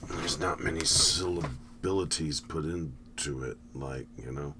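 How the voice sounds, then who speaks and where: A man's voice: a bass voice, measured pace, background noise. A man talking casually over a film, rambling with wry, sarcastic asides. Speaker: movie commentator. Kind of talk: casual running movie commentary.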